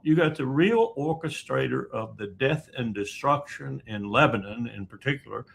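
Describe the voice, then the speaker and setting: Gravelly man in emphatic commentary. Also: mid-range voice. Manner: emphatic, sarcastic, mocks quoted officials. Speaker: guest analyst. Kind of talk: political commentary.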